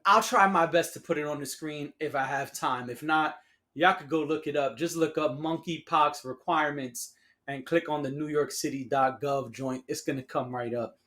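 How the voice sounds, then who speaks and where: Solo podcast host, mid-pitched voice, sarcastic and slangy, riffs casually straight to the listeners. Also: moderate pace, pushed and bright. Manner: sarcastic, laughs at own remarks; slangy, addresses listeners as y'all.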